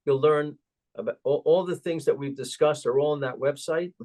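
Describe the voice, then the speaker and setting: An older man, a guest on an interview show, telling a story in a halting, anecdotal way with many fillers and chuckles. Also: on the high side, a little mellow. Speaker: guest, organization president.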